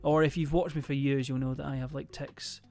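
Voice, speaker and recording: A man's voice: medium pitch, steady tone, a little fast, creaky, darkish tone, faint music behind. A young man, chatting casually to his stream in a rambling, hesitant way full of fillers and swearing.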